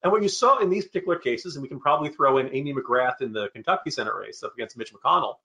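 A man's voice: mid-range voice, animated, fast, vocal fry, pushed and bright. A middle-aged man speaking as a panelist in a political discussion, with sardonic asides.

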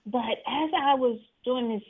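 Mississippi woman on a video call, animated, laughs a lot, thin phone-like sound. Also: a little slow. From Mississippi, USA. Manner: animated, laughs often, acts out quotes in a higher voice. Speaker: author being interviewed. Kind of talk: casual storytelling interview. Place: at home. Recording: tinny video-call audio.

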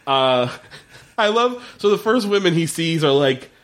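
A man in casual podcast chat, recapping a TV episode in an animated way with plenty of fillers and swearing. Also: on the high side, a little slow. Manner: animated, profane, lots of fillers. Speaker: podcast co-host.

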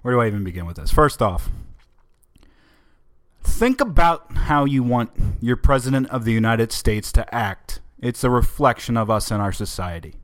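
A man's voice: medium pitch, lively intonation, moderate pace. A man hosting a political podcast, giving opinionated, emphatic commentary in a conversational way. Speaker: podcast host.

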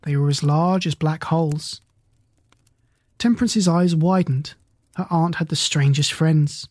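A narrator reading a children's fantasy story aloud in an even, steady storytelling manner. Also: medium pitch, unhurried, long pauses, no room sound.

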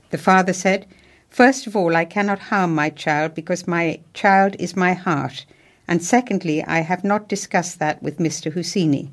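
Woman reading news, lowish voice. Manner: steady, formal news reading. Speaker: news reader. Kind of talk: read news headlines and court report.

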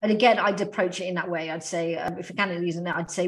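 A woman's voice: fairly low pitch, fairly even intonation, fast talker, few pauses. A woman co-hosting a casual podcast chat, thoughtful, working her ideas out aloud with restarts. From Australia. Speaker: podcast co-host.

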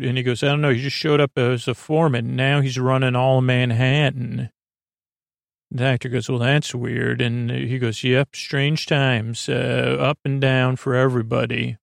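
A man's voice: mid-range voice, vocal fry, dry recording, clean studio sound. A man hosting a sleep podcast, loosely retelling an episode with lots of filler and restarts. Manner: meandering, many filler ums and restarts. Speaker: podcast host. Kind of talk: rambling episode recap for sleep.

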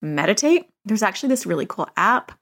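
Chatty middle-aged woman, lowish voice. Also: animated, normal speed, fairly bright tone. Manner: chatty, frequent "like" and "you know" fillers. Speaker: parenting podcast host. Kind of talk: casual podcast monologue.

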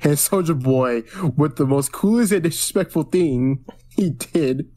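A man co-hosting a casual pop-culture podcast, recapping a TV episode in a rambling way with many restarts and quick acted-out quotes. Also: a little high, mellow. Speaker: podcast co-host.

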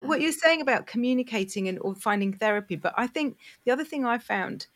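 A woman's voice: fairly high pitch, lively intonation, a little fast. A woman podcast host speaking frankly and conversationally about her own experience. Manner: frank, self-deprecating, conversational. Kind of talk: casual podcast interview.

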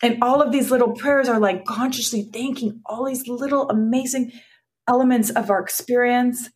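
A woman's voice: fairly high pitch, fairly even intonation, normal speed. A woman psychotherapist telling personal stories in conversation, earnest and reflective, often restarting her sentences. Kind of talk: conversational storytelling.

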